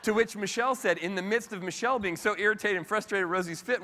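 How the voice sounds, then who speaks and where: A man giving a lively motivational keynote talk, chatting directly with the audience at a convention. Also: sits high, fast, vocal fry, few pauses. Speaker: keynote speaker. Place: convention hall with live audience. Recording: reverberant convention hall.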